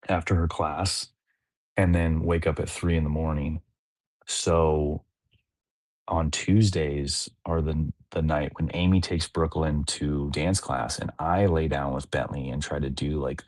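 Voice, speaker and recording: A man's voice: rumbling low, a little mellow, dry recording. A man in his thirties, a father co-hosting a podcast, chatting casually and rambling with lots of filler words. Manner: rambling, heavy use of "like" fillers. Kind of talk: casual chat.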